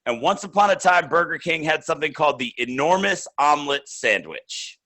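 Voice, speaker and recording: A man co-hosting a comedy podcast, talking with enthusiastic, drawn-out emphasis in casual banter. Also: a little high, big pitch swings, bright, forceful tone. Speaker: podcast co-host.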